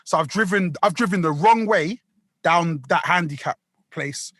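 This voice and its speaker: A man's voice: fairly high pitch, moderate pace, fairly bright tone, dry recording. A man telling a rambling story on a podcast, full of slang and swearing. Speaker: podcast co-host. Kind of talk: casual storytelling.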